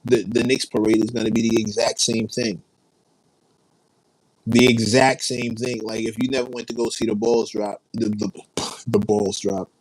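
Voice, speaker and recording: A man's voice: on the low side, level tone, moderate pace, rough recording. Laid-back New man chatting live. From New York. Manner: rambling, laid-back, reads and answers chat. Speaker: livestream host. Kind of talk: casual livestream chat.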